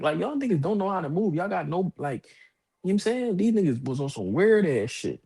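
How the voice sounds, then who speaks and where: Animated profane man telling stories. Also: high voice, a little fast, breathy edge. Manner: animated storytelling, puts on voices of others, profane. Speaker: co-host of a boxing podcast. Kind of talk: casual chat.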